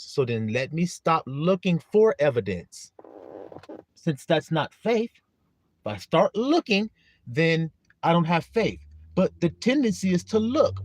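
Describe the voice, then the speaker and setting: A man with a high, very animated voice delivers a casual livestream sermon. He keeps pressing his listeners with rhetorical questions, blunt and peppered with profanity, and the sound is close and dry. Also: dry recording. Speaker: preacher teaching an online flock.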